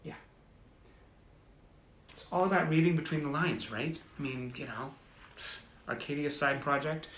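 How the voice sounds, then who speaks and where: A man's voice: fairly high pitch, measured pace, pauses often, fairly bright tone, roomy sound, slight background noise. A man hosting a casual live stream, reading old clippings aloud with wry, self-mocking asides. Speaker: host. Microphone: phone or webcam on a live stream.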